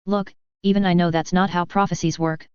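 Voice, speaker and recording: A woman's voice: fairly low pitch, flat delivery, fairly quick, smooth, no echo, natural voice. A woman voicing a fierce young girl who warns with urgent intensity, in a dull, dry recording. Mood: skeptical. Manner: intense, near-shrieking warnings.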